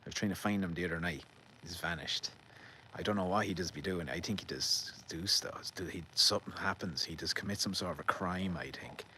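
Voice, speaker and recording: Deep-voiced Irish man chatting in a garden. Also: brisk, sharp tone, slight background noise. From Ireland. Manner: rambling, joking, reads out viewer comments. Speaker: livestream host. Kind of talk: casual live-stream chat. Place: garden outdoors at night.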